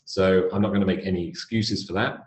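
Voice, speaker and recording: Deep-voiced British man teaching pronunciation. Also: steady tone, a little mellow. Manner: clear, deliberate teaching, spelling words out letter by letter. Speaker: English teacher. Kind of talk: recorded lecture. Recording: roomy echo.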